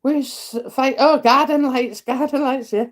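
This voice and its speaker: A middle-aged woman with a Yorkshire accent, hosting a live psychic stream and chatting warmly with viewers between comments, full of fillers and endearments. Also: sits high, a little slow. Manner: chatty, many fillers, laughs, calls people darling and lovely. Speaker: psychic reading host.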